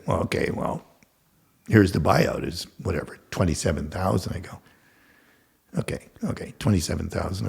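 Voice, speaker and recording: A man's voice: low voice, vocal fry, darkish tone, husky. An older man, a guest telling stories casually and acting out the dialogue, swearing freely. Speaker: guest contractor. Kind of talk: casual storytelling.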